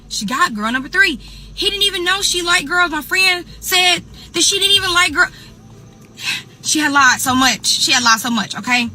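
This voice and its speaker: A young woman tells a story to her viewers in a casual, animated way. Her voice sits a little high and sounds bright and crisp. She keeps talking straight to her audience and acts out the voices of the people in her story. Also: brisk, slight background noise, low-quality recording. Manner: animated, addresses listeners as y'all, acts out quoted people. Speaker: host.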